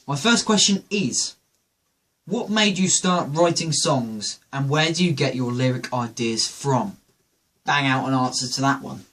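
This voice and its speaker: A man's voice: mid-range voice, measured pace, fairly bright tone. A man hosting a show, telling a rambling, jokey comedic monologue. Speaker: host.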